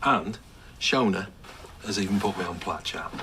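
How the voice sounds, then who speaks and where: A man's voice: low voice, normal speed, noisy background, close to an everyday voice. An actor playing a breezy middle-aged man, the mum's new partner, in a TV soap. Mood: defensive. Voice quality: jokey, theatrical, wheedling. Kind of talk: TV soap drama acting.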